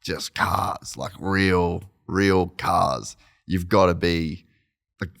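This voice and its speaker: A man hosting a podcast in a casual interview, talking in a relaxed way and thinking aloud with lots of filler words. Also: deep voice, very slow, vocal fry. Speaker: podcast host.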